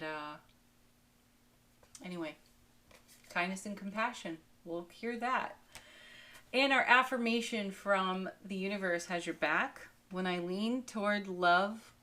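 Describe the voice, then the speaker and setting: A woman giving a daily spiritual tarot card reading, soothing and unhurried, with soft laughs between cards. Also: on the low side.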